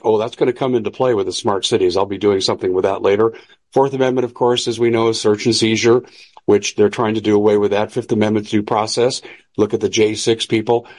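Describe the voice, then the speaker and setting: A man's voice: fairly low pitch, a little mellow. A man hosting political commentary, talking in an emphatic, preachy and combative way. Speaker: host.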